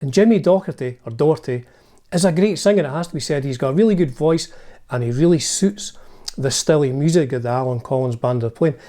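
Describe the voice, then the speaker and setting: Mellow-voiced Scottish man telling band history. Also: fairly high pitch, fast talker, soft background music. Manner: chatty, enthusiastic fan talk with asides. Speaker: music channel host. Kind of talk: narrated music history video.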